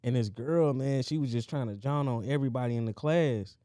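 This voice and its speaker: A man's voice: medium pitch, fairly quick, warm tone, no room sound, studio quality. A man co-hosting a podcast, telling a childhood story in casual chat and acting out the quotes. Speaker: podcast co-host.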